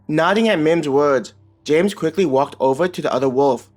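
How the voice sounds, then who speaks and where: A man narrating a fantasy web novel in an even, unhurried reading voice. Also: fairly high pitch. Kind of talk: scripted audiobook narration. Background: soft background music.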